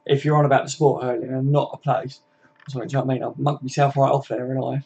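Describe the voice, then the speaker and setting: A man's voice: mid-range voice, flat delivery, racing, creaky, mellow, husky. A man with a Scouse accent chatting bluntly on a live fan stream, reading viewers' comments out and swearing freely. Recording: dull lo-fi stream audio.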